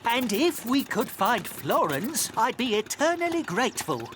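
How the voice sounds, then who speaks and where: A woman's voice: on the high side, big pitch swings, measured pace, slight background noise. A woman voicing a grumpy, pompous male dog turned into a snail in a cartoon, huffy and exasperated. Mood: flustered. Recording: music playing underneath.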